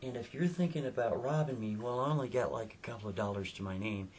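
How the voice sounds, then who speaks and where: A man voicing a desperate young woman driver in a told story, raising his voice high and sounding husky. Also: fast, darkish tone, close to an everyday voice. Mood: wary.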